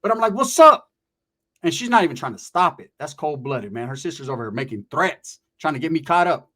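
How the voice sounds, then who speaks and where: A man's voice: mid-range voice, very animated, fast talker, fairly bright tone. A middle-aged man casually telling a profane, streetwise story from his past, often tagging his lines with "right?".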